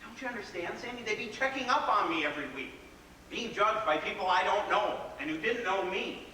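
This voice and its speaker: Guy acting out a playful theatrical dreamer, high bright voice, stage play sound with long hall echo. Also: expressive, a little fast. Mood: pleading. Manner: theatrical, playful storytelling with grand flourishes. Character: whimsical, fast-talking, rebellious grown man. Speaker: stage actor. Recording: echoey theater hall from far off, faint noise.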